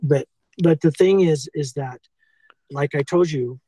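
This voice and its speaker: A man's voice: on the high side, a little slow, mellow, breathy edge, no room sound, rough recording. An older American man filmed on a handheld phone, talking in long rambling stretches and tagging on "okay" and "and so forth". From United States. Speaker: former school teacher being confronted. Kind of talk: rambling confrontation talk.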